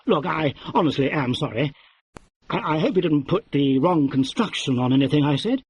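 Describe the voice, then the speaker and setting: A man's voice: on the high side, expressive, moderate pace, husky, dry recording. A man voicing a blunt, lecturing young man in an audiobook reading. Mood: blunt, flustered. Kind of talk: audiobook character voice.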